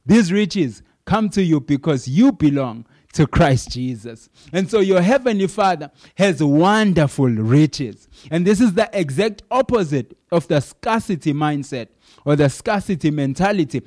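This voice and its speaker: A man's voice: a little high, expressive, measured pace, darkish tone. A man preaching a sermon in an earnest way, repeating key phrases for emphasis, with some fillers.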